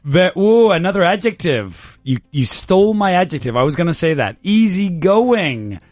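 A man's voice: a little high, sing-song, fairly quick, no room sound, clean studio sound. A man teaching English vocabulary in a casual, playful lesson, encouraging his student and laughing often.

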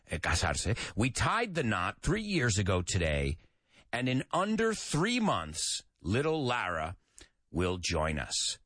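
Animated male English teacher. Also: sits low, no echo, studio quality. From Andalusia, Spain. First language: Spanish. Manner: animated, laughs often, switches between English and Spanish. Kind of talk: casual online English lesson.

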